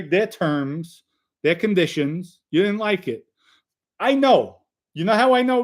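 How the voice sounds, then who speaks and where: A blunt, profane man talks straight to the camera in a slightly raised voice. His commentary is casual but confrontational, full of taunts and hard accusations. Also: fairly high pitch. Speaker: commentator reacting to clips.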